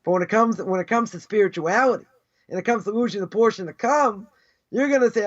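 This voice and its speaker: A male rabbi lecturing with a very high voice, firing off emphatic, scornful rhetorical questions. The audio is dull and lo-fi, with the top end muffled. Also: brisk. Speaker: rabbi teaching a class. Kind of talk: live Torah lecture.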